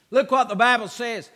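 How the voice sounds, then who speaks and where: A man preaching a sermon with emphatic, repeated exhortations that swell into shouts. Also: very high-pitched, in a large hall.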